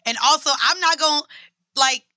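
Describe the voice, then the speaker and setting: A woman co-hosting a casual chat show, defiant and profane, quick to argue back. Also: sits high, bright, forceful tone, dry recording. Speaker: podcast co-host.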